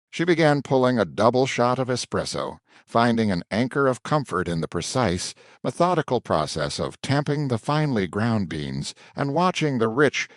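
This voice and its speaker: A man narrating a scripted story in an even, descriptive manner. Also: lowish voice, dry recording, clean studio sound.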